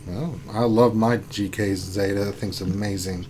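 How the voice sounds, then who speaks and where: A man's voice: lowish voice, fairly even intonation, moderate pace, darkish tone, a little hiss or hum. A man hosting a casual gaming live stream, joking, laughing often and thinking aloud. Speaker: gaming channel host. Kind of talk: casual live-stream chat reviewing game rosters.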